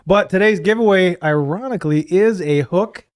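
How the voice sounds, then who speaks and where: A man's voice: high-pitched, moderate pace, smooth, no echo. A man co-hosting a casual podcast chat for a fishing tackle shop, joking in a dry way.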